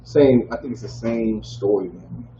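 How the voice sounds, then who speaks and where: A man's voice: a little slow, mellow. A man teaching a scripture lesson to a group in a preaching style, drawing call-and-response from the room. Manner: call-and-response, keeps asking "y'all with me?". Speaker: teacher leading a scripture class. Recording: roomy, dull low-fi audio with faint background noise.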